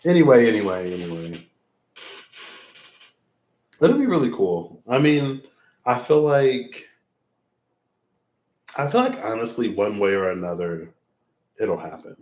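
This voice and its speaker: A man with a deep, low voice talks on in a loose, rambling way. He reflects aloud as a tarot reader wrapping up a long stream, breaking into laughs now and then. The sound carries a roomy echo. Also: very animated, a little slow, long pauses, darkish tone. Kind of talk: late-night livestream wrap-up chat.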